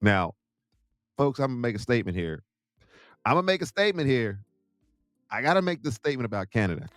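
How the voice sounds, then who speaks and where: A man's voice: mid-range voice, fast, no room sound, studio quality, faint music behind. A man from the United States hosting his own show, telling travel stories in a casual, jokey way. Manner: animated, jokey, puts on voices in quotes. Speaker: host. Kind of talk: casual storytelling.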